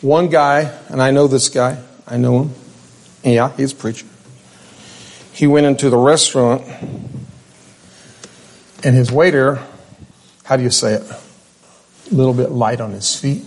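A man's voice: medium pitch, steady tone, unhurried, gravelly, pauses often, darkish tone. A male pastor giving a sermon in a conversational way, with asides and restarts.

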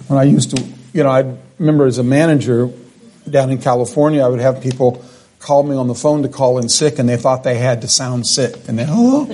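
Mellow-voiced man preaching verse by verse. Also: mid-range voice. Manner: expository, reads and explains scripture verse by verse. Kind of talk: sermon.

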